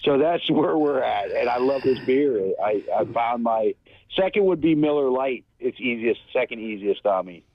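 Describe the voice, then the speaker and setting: A man's voice: medium pitch, animated, normal speed, slight background noise. Male caller, loose and rambling after many beers, phone-line sound. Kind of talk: casual phone-in beer review.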